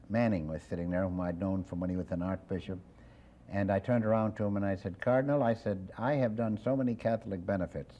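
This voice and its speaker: Older wisecracking man, mellow voice. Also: deep voice. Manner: quick wisecracking storyteller. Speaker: comedian guest. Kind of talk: casual interview chat with joke-telling. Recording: dull lo-fi old TV recording.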